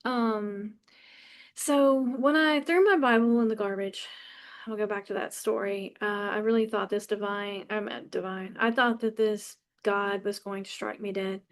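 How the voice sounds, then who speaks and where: A woman in her fifties hosts a podcast, giving a candid personal monologue with passion and bluntness, swearing freely and often restarting her sentences. Her mid-range voice is steady in tone and a little slow.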